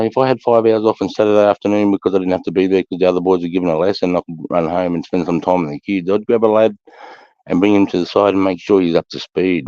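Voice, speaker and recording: A man's voice: sits low, dark tone, dry recording. A middle-aged Australian man, an army veteran hosting a casual chat, telling stories bluntly with heavy swearing. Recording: dull lo-fi sound.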